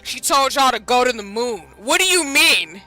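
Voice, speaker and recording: Woman streamer, high and piercingly bright, animated rants over game music. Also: moderate pace, poor audio. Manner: animated, ranting, slips into yelling. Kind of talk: casual live reaction commentary. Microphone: headset or desk mic.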